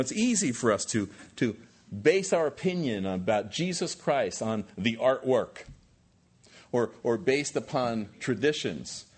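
A man's voice: on the low side, husky. A man preaching a sermon as pastor, with rising emphatic peaks and rhetorical questions to the congregation.

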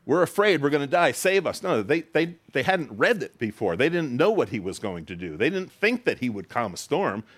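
A man preaching a sermon in a conversational, expressive way, rising high for quoted lines and dropping low for emphasis. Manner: conversational, with asides and laughs. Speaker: pastor.

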